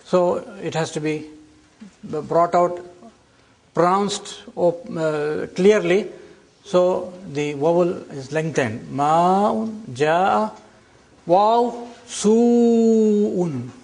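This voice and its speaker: An older man teaching a classroom lecture, explaining slowly and deliberately and drawing out example words. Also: a little high, darkish tone.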